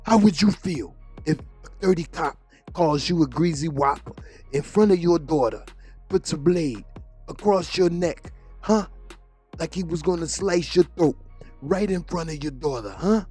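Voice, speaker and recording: A man's voice: medium pitch, brisk, darkish tone, slightly rough, soft background music. A man voicing an angry male gangster boss who presses his point in heated, rhetorical questions.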